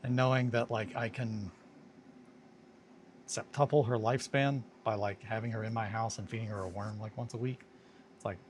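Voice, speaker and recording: A man's voice: fairly low pitch, fairly even intonation, moderate pace, pauses often, slight background noise. A tired man in a casual, rambling chat while painting miniatures on a stream. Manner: rambling, laid-back, talks to himself and his pets.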